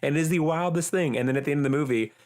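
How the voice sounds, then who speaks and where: A man's voice: a little high, very fast, a little mellow. A young man co-hosting a podcast in casual chat, rambling with many fillers and restarts. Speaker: podcast co-host.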